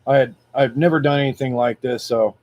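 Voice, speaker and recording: A man hosting a motivational video, telling a personal story in a casual, animated, slangy way. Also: mid-range voice, a little fast. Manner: greets viewers live by name.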